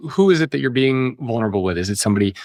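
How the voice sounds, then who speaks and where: A man, an author being interviewed on a podcast, explaining ideas in an animated way and acting out quoted voices. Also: medium pitch, very fast, no room sound, clean studio sound.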